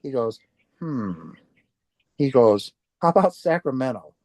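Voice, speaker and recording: A man, a guest in an interview, telling a story casually and acting out the dialogue with lively restarts. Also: mid-range voice, moderate pace, no echo. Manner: animated, acts out quoted dialogue with restarts.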